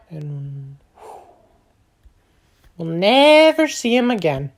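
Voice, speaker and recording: A woman's voice: mid-range voice, lively intonation, slow, long pauses. A woman hosting a gaming channel, giving a silly, rambling recap of her game with lots of filler sounds. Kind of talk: playful game recap narration.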